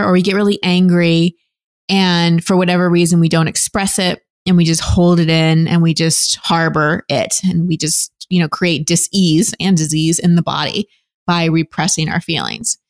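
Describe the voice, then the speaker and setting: A woman's voice: lowish voice, level tone, moderate pace. A woman guest on an interview podcast, explaining things in an earnest, teacherly way as a relationship coach. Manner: earnest, teacherly, acts out example voices.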